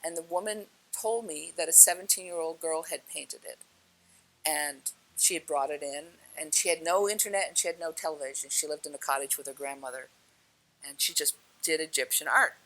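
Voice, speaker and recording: Gravelly, bright-voiced woman telling a story. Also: low voice, brisk, poor audio. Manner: animated, laughs often, many fillers. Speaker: spiritual speaker. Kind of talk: storytelling talk to an audience.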